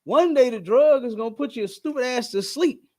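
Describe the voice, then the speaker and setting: A man's voice: very high-pitched, lively intonation, normal speed, background noise. A man hosting a podcast in casual chat, talking in an emphatic, preachy way and repeating his points. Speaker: podcast host.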